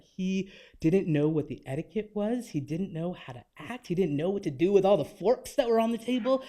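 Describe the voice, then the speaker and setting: A man in his forties giving a lecture, telling personal anecdotes in a relaxed, conversational way with gentle humor. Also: high-pitched. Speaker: guest lecturer.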